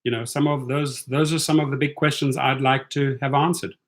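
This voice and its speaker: A South African-accented man hosts a casual live stream, reading viewer questions aloud and answering them in a chatty, blunt way. His mid-range voice holds a steady tone and runs a little fast.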